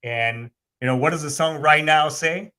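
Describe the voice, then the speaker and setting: A man's voice: fairly high pitch, moderate pace, pushed and bright, clean tone. A man in casual podcast chat, rambling with frequent restarts and blunt profanity.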